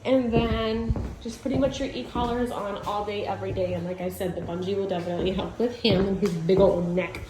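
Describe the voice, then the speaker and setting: A woman dog trainer talking casually through a training session, switching between chatty explanations and sharp, high commands to her dog. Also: fairly even intonation, brisk, hardly any pauses, background noise. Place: outdoor yard.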